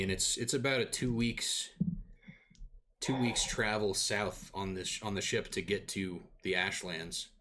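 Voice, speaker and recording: A man's voice: fairly low pitch, steady tone, unhurried, pushed and bright. A man narrating as game master in a loose, stop-start way full of fillers.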